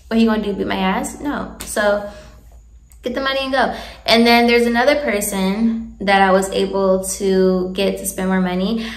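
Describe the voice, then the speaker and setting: A woman's voice: mid-range voice, echoey room. A young woman in a casual, candid advice chat, chatty and laughing often. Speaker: vlogger giving advice.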